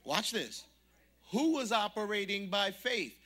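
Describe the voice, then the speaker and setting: A man preaching a storytelling sermon, swinging from muttered asides to shouted preaching and acting out the voices of people in his story. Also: high voice, expressive, unhurried.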